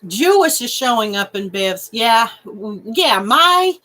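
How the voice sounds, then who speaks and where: Giggly woman, lively bright voice. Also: fairly high pitch, takes it slowly. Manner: giggly, laughs and snorts often. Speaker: crochet channel host. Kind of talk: casual live chat reading viewer comments.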